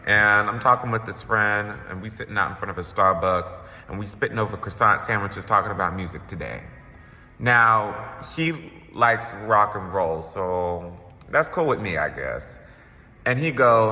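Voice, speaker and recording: A man's voice: fairly low pitch, moderate pace, bright, forceful tone. A man, an opera singer, performing a spoken word poem in a rhythmic, conversational storytelling manner. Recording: echoey hall, lo-fi sound.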